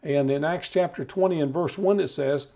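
A man preaching a steady, measured Bible teaching, talking the listener through scripture. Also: fairly high pitch, gravelly. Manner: calm measured teaching with occasional restarts.

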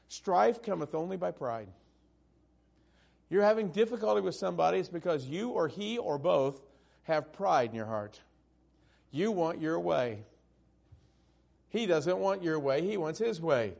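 A male pastor preaching a sermon, swinging from loud, emphatic peaks down to hushed, tender passages. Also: fairly high pitch, animated, measured pace, vocal fry, long pauses.

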